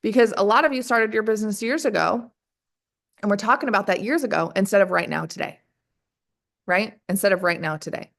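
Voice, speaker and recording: A woman's voice: mid-range voice, creaky. Peppy woman coaching a sales team. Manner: energetic, keeps calling the audience "you guys"; rapid rhetorical questions. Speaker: sales team leader training distributors. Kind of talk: motivational training call.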